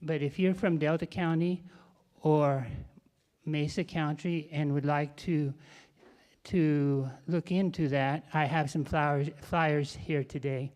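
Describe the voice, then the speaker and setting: A man's voice: fairly high pitch, fairly even intonation, takes it slowly, a little mellow. An older man from western Colorado, a farmer speaking at a conference in a folksy, self-deprecating way with restarts. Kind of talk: folksy public talk with a joke. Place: conference hall.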